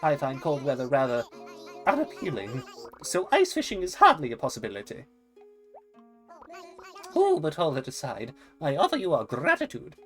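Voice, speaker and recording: A woman's voice: rumbling low, wildly swooping pitch, moderate pace, long pauses, soft background music, voice pushed down, heavily acted. A woman voicing a fussy, erudite male owl who runs a museum, with a prim, wordy and polite manner and a hooting catchphrase. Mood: pompous.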